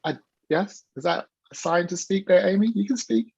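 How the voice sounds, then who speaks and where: A man speaking on a video call, telling an animated story and acting out the quoted voices with sudden jumps in pitch. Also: moderate pace, creaky, breathy edge, no echo. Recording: dull lo-fi video call audio.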